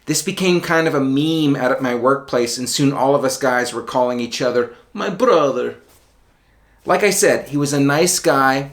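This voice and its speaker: A middle-aged man telling a personal story in a wry, conversational monologue with self-deprecating asides. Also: fairly high pitch. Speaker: video essayist.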